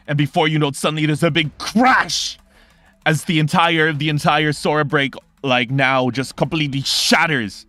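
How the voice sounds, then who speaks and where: A man's voice: fairly high pitch, steady tone, normal speed, sharp tone, faint music behind. Man narrating as game master. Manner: dramatic narration, often searching for words.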